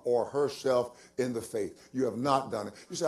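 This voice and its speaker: An older male pastor delivers a sermon, drifting between soft, reflective asides and loud, drawn-out emphasis while repeating phrases and chuckling along the way. His voice sits in the mid range.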